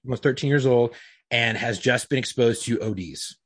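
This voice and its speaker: A man's voice: medium pitch, moderate pace, husky, no echo. A middle-aged man telling a story in casual, rambling chat, swearing freely and leaning on fillers. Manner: profane, rambling, uses lots of fillers. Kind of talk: casual storytelling among friends.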